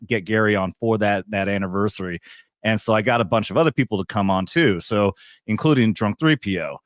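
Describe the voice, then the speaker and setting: A man's voice: on the low side, clean tone, no room sound, clean studio sound. Rambling, profane man chatting on a show. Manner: rambling, profane, laughs often. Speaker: YouTube show host. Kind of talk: casual chat.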